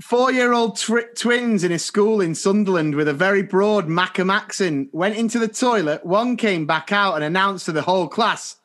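A man's voice: sits high, normal speed, few pauses, a bit bright. A British man co-hosting a podcast, playful and teasing in casual chat. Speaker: podcast co-host.

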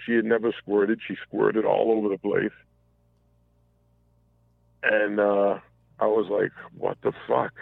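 Calling a talk show by phone, this man recounts a candid personal tale full of false starts and swearing. His low, creaky voice is monotone and slow with long pauses, heard dry through a tinny line.

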